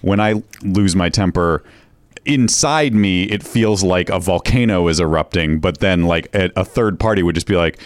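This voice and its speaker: A man with a very low voice riffs on a podcast, playfully pedantic and joking. The sound is dry and close, with no room echo. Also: brisk. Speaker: podcast co-host. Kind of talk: casual chat.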